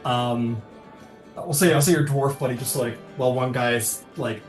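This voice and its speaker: A man's voice: mid-range voice, fairly even intonation, normal speed, roomy sound, faint music behind. A man running a tabletop game as game master, narrating in a loose, chatty way with frequent laughter.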